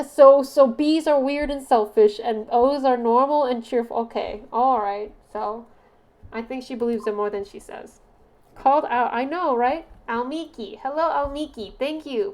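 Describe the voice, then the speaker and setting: A woman streaming game jam entries in casual commentary, reacting with loud, disbelieving exclamations and swearing, and reading game text aloud. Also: high-pitched, moderate pace.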